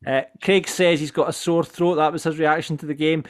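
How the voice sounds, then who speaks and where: A man's voice: on the high side, fairly even intonation, fairly quick. A man hosting a casual football podcast, reading out listener comments and putting questions to the panel. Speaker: podcast host.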